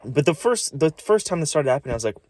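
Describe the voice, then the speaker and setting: A man's voice: a little high, sing-song, fast, warm tone, dry recording. A man vlogging about a strange experience, talking nervously and stammering, restarting words, his voice swinging up and down. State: nervous and shaky. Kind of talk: rambling casual vlog.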